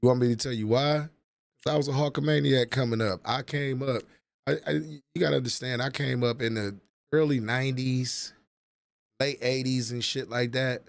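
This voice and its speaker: A man's voice: medium pitch, steady tone, normal speed, vocal fry, no echo. A man in his forties chatting casually on a livestream, profane and rambling as he reminisces. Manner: profane, rambling, nostalgic storytelling. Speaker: livestream host.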